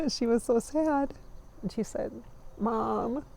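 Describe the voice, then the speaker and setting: A woman's voice: on the high side, measured pace, gravelly, warm tone, a little hiss or hum. A woman in her forties talking to camera in a rambling, reflective vlog, laughing often as she goes. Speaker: vlogger. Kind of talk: reflective casual monologue.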